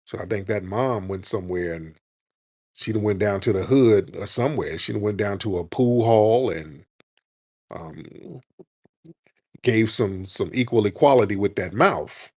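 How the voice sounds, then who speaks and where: A man's voice: fairly low pitch, unhurried, darkish tone, no room sound. Male stream host, crude teasing, laughs a lot, dry sound. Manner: crude taunting, laughing often. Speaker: host of a live call-in roundtable. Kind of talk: live stream roundtable banter.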